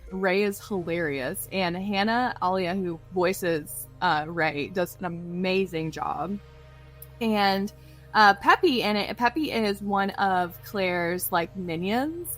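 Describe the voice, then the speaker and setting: A woman's voice: mid-range voice, fairly bright tone. A woman voice actress talking as a guest in a casual interview, bubbly and gushing, often saying "like". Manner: bubbly, gushing, heavy use of "like".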